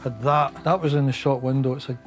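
A man's voice: medium pitch, fairly even intonation, brisk, over music. Chatty man reminiscing. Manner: chatty, stumbling restarts, quoting others. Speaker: interviewee. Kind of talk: casual reminiscing.

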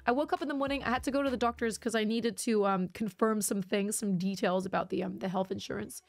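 A woman's voice: mid-range voice, fairly even intonation, fast talker, vocal fry. A woman livestreamer chatting casually with her viewers, laughing often and reading chat aloud.

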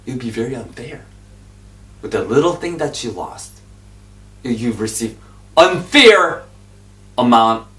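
A man preaching an informal sermon, repeating his points and exhorting his listeners, swinging between loud emphatic bursts and hushed whispers. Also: mid-range voice. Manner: repetitive, exhorting, drops into asides. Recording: echoey room, voice from a distance.

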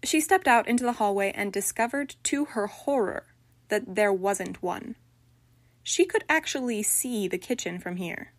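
A woman reading a short story aloud in a measured, unhurried way, then chatting about it afterwards. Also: medium pitch, lively intonation. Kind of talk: scripted story narration.

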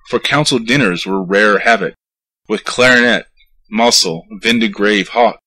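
A man's voice: fairly low pitch, slightly rough, rough recording. Rhythmic male poetry reader. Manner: rhythmic, lively storytelling delivery. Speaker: narrator. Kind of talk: poetry recitation.

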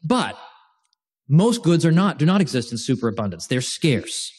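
A man giving an informal lecture to a class, chatty and animated, with restarts and joking asides. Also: fairly high pitch, normal speed, slightly rough.

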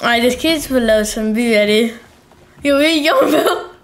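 A young woman with a fairly high voice hosts a live game stream. She talks in an offhand, laid-back way, full of slang, and keeps up easy chatter with her teammate. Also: normal speed. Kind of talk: casual gaming chat.

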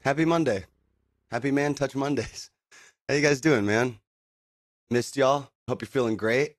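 A man's voice: medium pitch, unhurried, no room sound, studio quality. A man in a casual livestream chat at home, greeting viewers in a laid-back, upbeat way and saying "dude" and "man" a lot. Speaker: livestreamer and band singer. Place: at home indoors.

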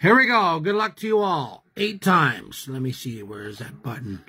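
A man's voice: on the high side, animated, moderate pace, pushed and bright, breathy edge. A man hosting a sports card break, chatting folksily to viewers as he rolls dice and calls out teams. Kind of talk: casual live card break commentary.

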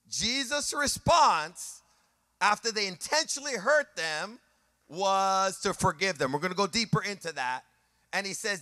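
A man's voice: sits high, animated, unhurried, pushed and bright, no echo, studio quality. A male pastor preaching a sermon with passion, repeating phrases for emphasis and rising into a sung preaching cadence.

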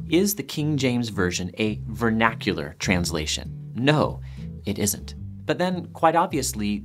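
A male presenter narrates a scripted documentary with an animated, swinging pitch. His delivery has a light, playful touch. Soft guitar plays quietly in the background.

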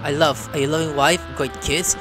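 A man's voice: a little high, steady tone, moderate pace, lightly acted. A man reading aloud a long bitter monologue from a drunken middle-aged ship captain. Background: game music.

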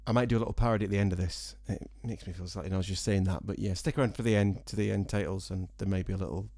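Dry-joking man with a softened Scottish accent. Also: sits low, fairly even intonation, very fast, dry recording. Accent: Scottish, softened by years in England. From Scotland. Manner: dry, self-mocking, jokey asides. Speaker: singer-songwriter. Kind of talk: rambling casual vlog chat to viewers. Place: small room at home, with a fan.

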